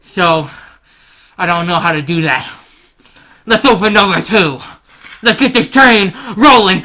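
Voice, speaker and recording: A man giving comedic gameplay commentary in a brash, profane, mock-rude manner, swinging between loud boasts and mumbled asides. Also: high-pitched. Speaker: guest gamer.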